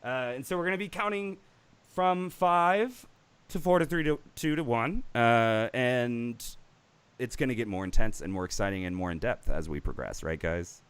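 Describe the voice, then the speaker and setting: A man's voice: mid-range voice, normal speed, clean tone. A man hosting a casual live-streamed movie talk show, rambling and laughing as he talks. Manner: animated, laughing, rambling with restarts.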